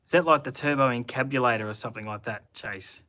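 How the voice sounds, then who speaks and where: A man's voice: medium pitch, fast, pushed and bright. A man with a broad Australian accent, hosting a casual live chat from his shed and thinking aloud in a rambling, slangy way. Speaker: channel host answering live chat. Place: home shed at night.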